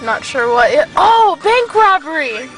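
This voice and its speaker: A woman's voice: high-pitched, big pitch swings, measured pace, far from the mic, over music. A young woman riding as a passenger in a car, giving mocking, slang-heavy commentary on the traffic around her. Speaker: passenger filming. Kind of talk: casual chat.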